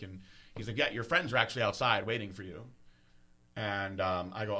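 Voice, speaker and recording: Male storyteller, quick and bright, acts out every quote, salty language. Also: fairly low pitch. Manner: animated, acts out quoted voices, swears freely. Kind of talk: casual storytelling.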